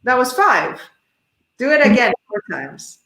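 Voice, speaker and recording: A woman's voice: a little high, very animated, unhurried, bright, forceful tone. A woman with an American accent teaching an online English lesson, playful and full of praise for her students. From United States. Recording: roomy echo.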